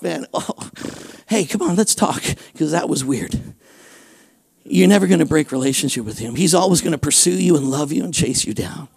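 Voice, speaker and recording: A man preaching a sermon as pastor in a church, animated and rising to shouts. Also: high voice, vocal fry, husky.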